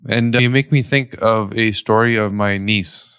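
A man's voice: lowish voice, normal speed, smooth, dry recording. Man telling a story, dry mic. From Canada. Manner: animated, tells stories with quoted dialogue. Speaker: guest, company founder. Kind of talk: conversational storytelling.

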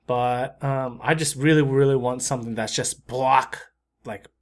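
A man's voice: medium pitch, fairly even intonation, measured pace. A man co-hosting a casual music review chat, easygoing and hesitant, often searching for words. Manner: easygoing, hesitant, lots of fillers. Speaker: co-host reviewing music videos.

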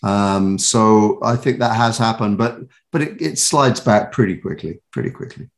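A man's voice: on the low side, measured pace. A British man from England, a voice actor and author, telling stories in a casual interview with many restarts and laughs.

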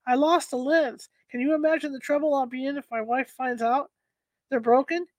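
A woman's voice: high-pitched, fairly even intonation, moderate pace, a little mellow, no room sound, lightly acted. A woman reading aloud, voicing a sly adult male stranger who coaxes and threatens. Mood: coaxing. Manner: sly, coaxing turning threatening. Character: menacing adult male stranger, coaxing then cruel. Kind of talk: read-aloud storytelling.

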